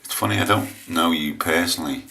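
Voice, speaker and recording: An English man with a low voice chatting casually while he shaves on camera, rambling and hesitant with lots of restarts. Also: brisk, gravelly, bright, forceful tone. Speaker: shaving vlogger.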